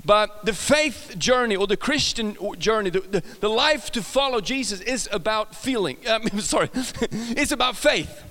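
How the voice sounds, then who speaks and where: A man with a Swedish accent preaches a casual, joking sermon in a high, sharp voice with a big-room sound. He's chatty and self-correcting, often restarting sentences, talking to the audience and joking with them.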